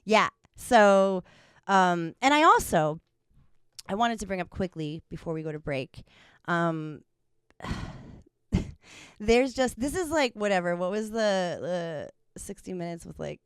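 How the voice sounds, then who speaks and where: A woman's voice: fairly low pitch, animated, measured pace, long pauses, a bit bright, clean tone, no echo, studio quality. A young woman co-hosting a podcast in casual chat, rambling with lots of fillers and frequent laughter. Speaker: podcast co-host.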